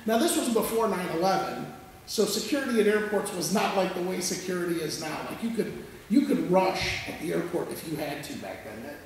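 A man preaching a sermon as a pastor, telling a story in an animated, conversational way and checking in with listeners as he goes. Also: high voice, fairly quick, a little hiss or hum. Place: church sanctuary. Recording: echoey church hall from far off.

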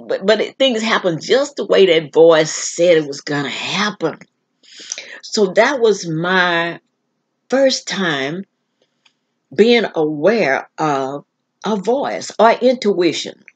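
A woman hosts her own vlog and retells a personal story in an earnest, halting way. Her voice is husky and somewhat low. She speaks very slowly. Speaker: vlog host.

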